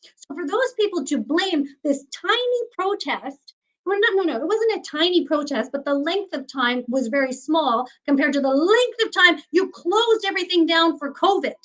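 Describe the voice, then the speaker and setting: A woman's voice: very high voice, lively intonation, normal speed, fairly bright tone, rough recording. A woman, a former news director giving an interview, ranting indignantly and swearing freely. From Canada. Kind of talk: heated interview talk.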